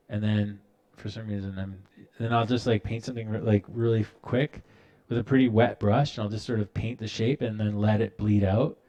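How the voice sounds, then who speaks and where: A man with a fairly low voice walks viewers through his work on a live stream. He talks in a loose, relaxed way, full of ums and restarts, as he clicks through files on his computer. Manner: relaxed, rambling, many fillers and restarts. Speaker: animator hosting a live stream. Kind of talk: casual live-stream tutorial.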